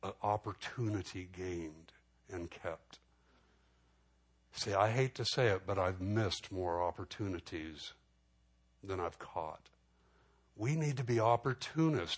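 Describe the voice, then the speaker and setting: A man preaching in a storytelling way, casual and full of "you know" fillers and restarts, getting animated as he retells conversations. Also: deep voice, slow, long pauses. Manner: animated when retelling exchanges. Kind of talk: storytelling sermon testimony.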